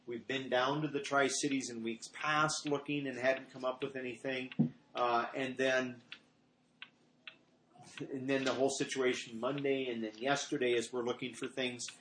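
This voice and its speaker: A man's voice: medium pitch, little pitch movement, normal speed, fairly bright tone. A middle-aged man giving an informal sermon, rambling through personal stories and acting out what people said. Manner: conversational, rambling, acts out quoted lines in a raised voice. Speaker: pastor. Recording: echoey room with faint noise.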